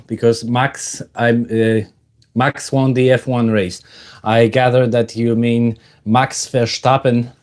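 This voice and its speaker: A man hosting a casual livestream, halting with many fillers while he greets viewers in the chat and talks about his own life. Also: fairly low pitch, darkish tone. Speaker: livestream host.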